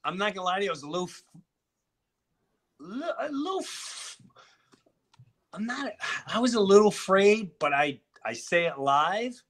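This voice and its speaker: A middle-aged man from Long Island, a comedian telling lively stories in a casual chat and swearing freely. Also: sits high, normal speed, pauses often. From Long Island, New York. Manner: animated, heavy swearing, restarts. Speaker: comedian guest.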